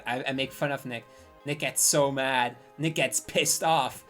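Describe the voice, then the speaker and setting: A woman's voice: extremely low pitch, fairly even intonation, moderate pace, soft background music. A woman in her twenties telling a rambling, profane story on a live stream and drifting into tangents.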